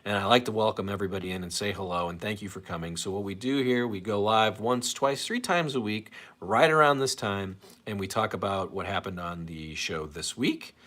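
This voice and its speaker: A man with a fairly low voice hosts a casual live stream from a home setup. He rambles loosely and pokes fun at himself while reading viewer comments aloud. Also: brisk, hardly any pauses, a bit bright. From St. Louis area, USA. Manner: rambling, self-deprecating, reads comments aloud.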